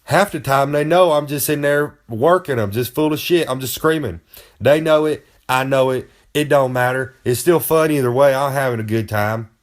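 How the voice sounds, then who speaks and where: A man with a mid-range voice and a moderate pace plays a wrestler handing out joking advice. The monologue is boastful and meandering in a folksy style, and he talks about himself in the third person.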